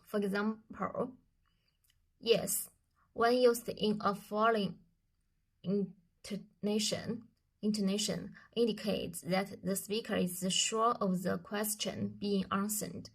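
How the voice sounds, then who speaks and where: A woman student with a Chinese accent answers course review questions aloud, speaking slowly and carefully and often pausing to restart a phrase. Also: medium pitch, fairly even intonation, husky. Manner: slow and careful, with hesitations and restarts.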